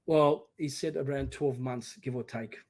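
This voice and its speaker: A middle-aged man telling his personal story as a podcast guest, emphatic and animated, often quoting his own words. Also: mid-range voice, a little slow.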